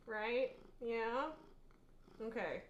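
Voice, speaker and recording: A woman streaming a game from her home room, chatting loosely and breaking into laughs. She has a fairly high voice and slips into cooing baby talk with her cat. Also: extremely slow, dull audio, a little hiss or hum. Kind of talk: casual live-stream chat while gaming. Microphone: headphones on, desk setup.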